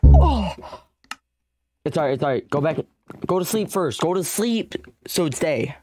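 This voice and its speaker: A man's voice: on the high side, animated, fairly quick, a little mellow. A young man giving let's play commentary, frantic and pleading as he bargains with the creatures in his game. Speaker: gamer.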